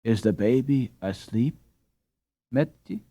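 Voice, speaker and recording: A man voicing a weak, injured Dutch father waking from a long stupor, talking faintly and haltingly. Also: medium pitch, sing-song, darkish tone, no room sound, voice pushed up.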